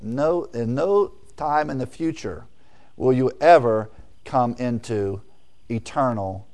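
A man preaching a sermon and teaching scripture verse by verse. He asks his listeners questions and answers them himself, leaning hard on key words and then dropping to quiet asides. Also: medium pitch. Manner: emphatic, swings between loud stresses and quiet asides.

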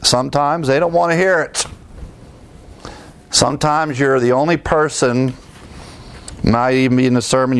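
A man preaches a sermon in a mid-pitched voice. He moves from steady explanation into emphatic, rising calls and stops to quiz his listeners with fill-in questions. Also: smooth. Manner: builds from teaching tone to emphatic, rising exhortation; asks the congregation fill-in questions. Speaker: pastor.

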